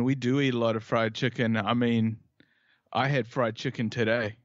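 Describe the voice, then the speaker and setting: A man's voice: mid-range voice, level tone, moderate pace, no echo, highs cut off. A man from New Zealand with a New Zealand accent, a podcast guest chatting playfully and riffing on jokes. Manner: playful, jokey, riffs and repeats himself. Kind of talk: casual podcast chat.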